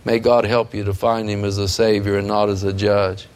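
A man's voice: on the low side, flat delivery, moderate pace, background noise. A man preaching a sermon in a fervent, emphatic way that builds in intensity.

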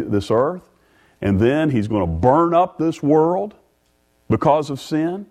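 Folksy preaching man. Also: darkish tone. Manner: folksy, repeats words, rises in pitch on scripture. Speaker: pastor. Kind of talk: sermon.

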